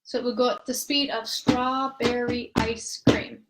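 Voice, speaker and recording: A woman's voice: a little high, level tone, a little slow, few pauses, background noise. A woman with a Minnesotan accent, a music therapist, leading a live-streamed rhythm lesson and patiently counting in and chanting food words as beats.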